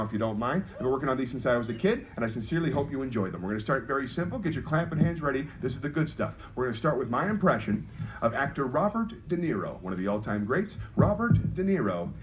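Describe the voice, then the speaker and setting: A man doing a fast, jokey stand-up comedy routine and bantering with the audience. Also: medium pitch. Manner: quick, jokey, banters with the crowd. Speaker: comedian host. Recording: live show with loud crowd noise. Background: loud crowd laughing.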